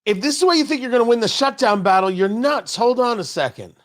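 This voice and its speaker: A man's voice: extremely high pitch, animated, fast talker. A man hosting a political talk show from a studio, talking in an indignant, mocking and emphatic way. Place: radio studio.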